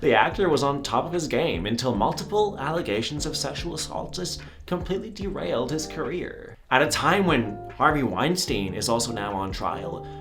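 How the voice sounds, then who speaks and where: A man's voice: medium pitch, animated, normal speed, hardly any pauses, over music, close to an everyday voice. A man playing a sassy, flamboyant male entertainment gossip reporter who teases and giggles as he delivers the news.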